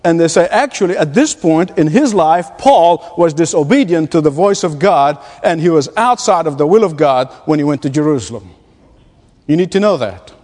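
A man preaching a sermon, emphatic and dramatic, slowing down to stress his points. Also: fairly high pitch, animated, a little mellow. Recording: long hall reverb.

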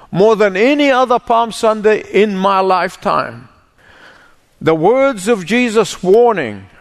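A man's voice: high-pitched, in a large hall. A male pastor preaching a sermon and reading scripture, stressing his points through repetition. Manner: emphatic, repeats phrases for weight.

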